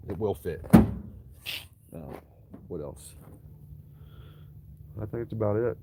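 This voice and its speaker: Deep-voiced profane man. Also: lively intonation, slow, very noisy. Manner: profane, rambling, drawling storyteller. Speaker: tree cutter vlogging. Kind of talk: casual rambling monologue.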